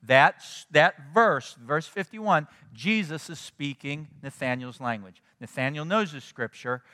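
A man preaching a sermon in a conversational, animated way, often checking in with his listeners. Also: fairly high pitch, unhurried, big-room sound. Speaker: pastor.

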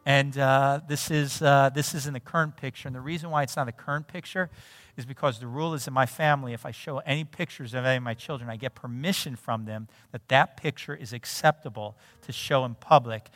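Animated man preaching with a dry close sound. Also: mid-range voice, fairly quick, dry recording. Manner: animated storytelling, acts out dialogue. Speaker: pastor. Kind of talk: sermon with personal story. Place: church sanctuary.

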